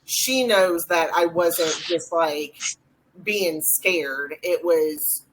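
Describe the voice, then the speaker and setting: A young adult woman, co-hosting a podcast and retelling a ghost hunt in a rambling, animated way with lots of fillers. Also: fairly low pitch, drawn-out words, slight background noise, poor audio. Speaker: podcast co-host. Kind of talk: casual storytelling chat.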